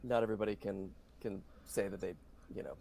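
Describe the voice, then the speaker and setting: A man's voice: lowish voice, steady tone, fast, creaky, dark tone, slight background noise. A middle-aged man, a voice actor, answering interview questions in an earnest, talkative way. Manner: earnest, talkative, full of "you know" fillers. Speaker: voice actor guest.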